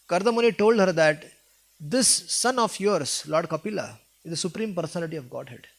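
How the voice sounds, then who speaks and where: High-voiced man telling a scripture story. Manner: storytelling, voicing quoted characters with emotion; asks listeners questions. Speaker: preacher. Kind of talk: devotional scripture talk.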